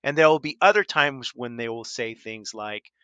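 A man's voice: mid-range voice, moderate pace, pushed and bright, clear, resonant tone, no room sound. A man delivers critical video commentary in a tense, cutting voice. He argues hard, repeats himself for emphasis and talks straight at his opponent. The recording is bone dry and close to the microphone. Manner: emphatic and repetitive; argumentative, addresses opponent directly. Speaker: commentary channel host.

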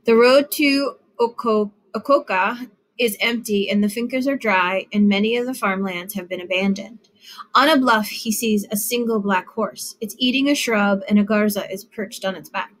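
A woman narrating a literary short story in a measured storytelling manner with lively phrasing. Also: mid-range voice. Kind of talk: literary fiction reading.

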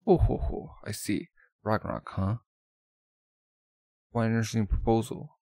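A man's voice: fairly low pitch, flat delivery, normal speed, a little mellow, no room sound, close to an everyday voice. A man voicing an ancient king of the gods who speaks with grand, chuckling amusement in a manga read-aloud. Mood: amused.

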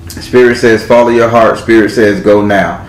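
Male tarot reader, low voice, playful and profane delivery, echoey room with faint background hum. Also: steady tone, moderate pace. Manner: theatrical, profane, teasing. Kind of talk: live tarot reading.

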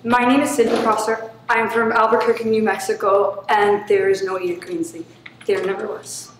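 An acting student performing a guarded young con woman who talks low and firm, with halting restarts. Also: little pitch movement, slight background noise, close to an everyday voice. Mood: steady, insistent. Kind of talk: scene performance for camera. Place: acting studio room. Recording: very echoey room.

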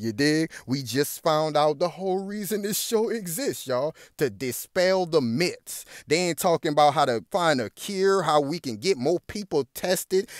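A man's voice: mid-range voice, no echo, clean studio sound. A man ranting in heated, profane commentary, often tagging lines with "you dig" and "goddamn it".

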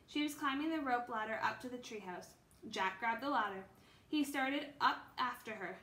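A woman reading a children's book aloud in a gentle storytelling manner, with a few small slips. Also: a little high, normal speed. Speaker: reader. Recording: echoey room, faint noise.

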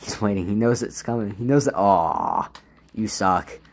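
A man giving casual gameplay commentary as a gaming YouTuber, swinging between low muttering and loud, frustrated outbursts. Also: huge pitch swings, moderate pace, gravelly, slight background noise.

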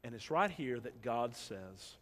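A man preaching a sermon, swinging from loud emphatic build-ups down to hushed, low passages. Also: lively intonation, measured pace. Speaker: pastor. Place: church sanctuary. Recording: long church hall reverb.

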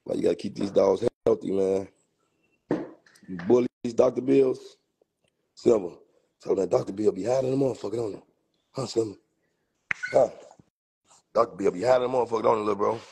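Lowish gravelly man with a cold. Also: brisk, long pauses, warm tone. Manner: profane, boastful, rambling street slang. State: has a cold. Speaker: livestream host. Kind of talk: casual livestream talk.

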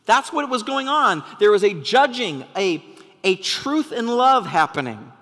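A man preaching a sermon as pastor, passionate and sometimes yelling to drive a point home. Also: high voice, big pitch swings, measured pace, big-room sound. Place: church hall.

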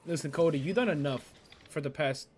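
Young male streamer, casual teasing slang, slightly high voice. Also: a little fast, a little hiss or hum. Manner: slangy, teasing, laughs often. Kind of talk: casual gaming chat with a friend.

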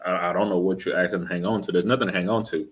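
A man's voice: low-pitched, steady tone, rapid-fire. A man hosting a reaction channel, giving blunt, critical commentary full of repetition and rhetorical questions.

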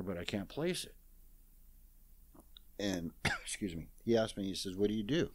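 A man's voice: lowish voice, lively intonation, normal speed, a little mellow, dry recording. A man in his sixties, a guest in an interview, retelling a story casually and plain-spoken, acting out the quoted dialogue. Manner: plain-spoken, folksy retelling full of "I says"; acts out others' lines in quoted dialogue.

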